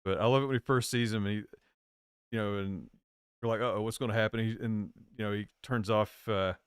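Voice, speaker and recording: A man's voice: on the low side, fairly even intonation, a little fast, clean tone, no room sound, clean studio sound. A man chatting casually on a live stream, rambling and searching for words as he recalls things.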